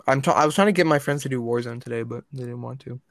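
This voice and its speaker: A man's voice: medium pitch, racing, vocal fry, no echo. A young man chatting casually and joking with friends. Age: young adult. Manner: joking, laid-back, chatty. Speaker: friend in group chat. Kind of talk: casual chat.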